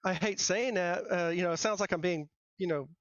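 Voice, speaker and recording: A middle-aged man, a software engineer guest, telling his career story in a casual, rambling, self-deprecating way with many fillers and restarts. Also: sits high, brisk, no room sound. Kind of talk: casual interview talk. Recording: dull dry lo-fi sound.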